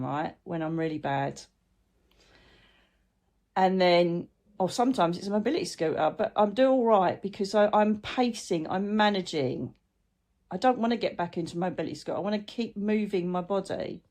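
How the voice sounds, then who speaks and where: A woman's voice: on the low side, normal speed, darkish tone. A woman, host of her own channel, chatting in a rambling, heartfelt way while living with a chronic illness. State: chronic illness, brain fog. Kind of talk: casual heartfelt vlog chat.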